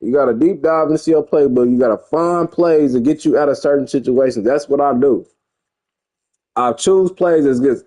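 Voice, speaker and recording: A young gamer streamer rambles and boasts casually over his football video game, swearing as he goes. His medium-pitched voice has a dark tone and a moderate pace.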